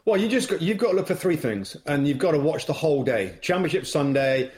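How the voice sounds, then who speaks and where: A man's voice: a little high, lively intonation, brisk, darkish tone. Upbeat English man talking football. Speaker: guest football broadcaster. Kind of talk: casual interview chat.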